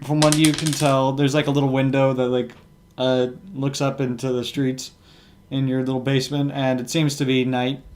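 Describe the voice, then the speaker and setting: A man's voice: mid-range voice, level tone, moderate pace, darkish tone. A man narrating a tabletop game as game master, stopping often to restart his sentences. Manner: hesitant, many fillers and restarts.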